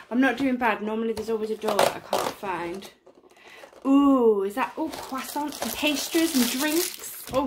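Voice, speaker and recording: A woman giving casual unboxing commentary, gushing and often gasping with delight. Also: mid-range voice. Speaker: unboxing vlogger. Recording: plastic crinkling noise behind.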